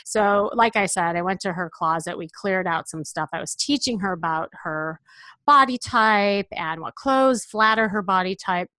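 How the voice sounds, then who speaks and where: A middle-aged woman, a personal stylist, telling a story about a client in a lively way, acting out the dialogue. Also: mid-range voice, normal speed, dry recording. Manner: lively, acts out dialogue in quotes.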